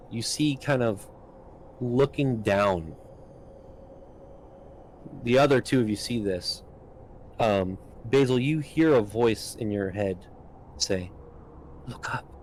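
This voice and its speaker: A man with a lowish voice narrates a tabletop game as its game master. He talks casually, filling pauses with ums and likes. A faint hiss sits under the recording. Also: poor audio.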